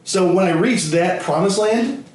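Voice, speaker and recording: A man's voice: high voice, lively intonation, unhurried, a little mellow. A man hosting a comedy podcast, telling rambling, profane family stories in a loose, casual way. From United States, Connecticut. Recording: roomy, distant camera-mic audio.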